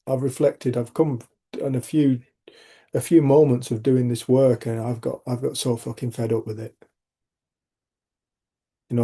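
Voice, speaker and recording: Gravelly, husky man telling stories. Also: mid-range voice, dark tone. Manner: rambling, frank, swears casually, frequent restarts. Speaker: community group host. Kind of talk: reflective personal storytelling.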